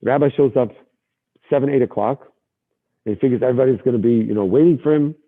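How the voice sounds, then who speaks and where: A man teaching a Torah lesson as an animated storyteller, sprinkling in Yiddish and Hebrew terms, heard over a tinny line. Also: medium pitch, quick pace. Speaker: rabbi teacher.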